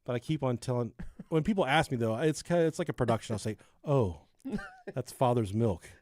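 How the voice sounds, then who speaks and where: A man's voice: mid-range voice, expressive, fairly quick, a little mellow, dry recording. A man co-hosting a podcast, telling a true-crime story and chatting casually, swearing and laughing at his own jokes. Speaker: podcast co-host.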